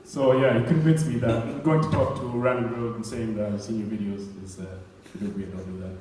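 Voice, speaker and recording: A man's voice: mid-range voice, steady tone, fairly quick, a little mellow, slight background noise. Young male stand-up, rambling and self-mocking; long-reverb hall, distant mic. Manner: rambling, self-deprecating asides. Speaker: stand-up comedian. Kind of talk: stand-up set. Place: comedy club stage. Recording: echoey club heard from far off.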